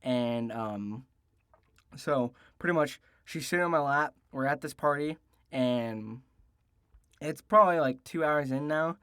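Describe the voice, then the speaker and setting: A man's voice: mid-range voice, unhurried, a bit bright, clear, resonant tone, no room sound, clean studio sound. A young man in his late teens telling a casual story-time tale, rambling and profane with lots of restarts and fillers. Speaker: storytelling vlogger.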